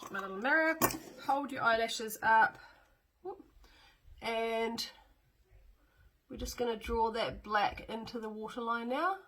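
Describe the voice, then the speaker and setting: A woman's voice: on the high side, a little slow, pauses often, bright, forceful tone, poor audio. A middle-aged woman, chatting casually through a step-by-step makeup demo with fillers and small asides. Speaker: makeup tutorial host.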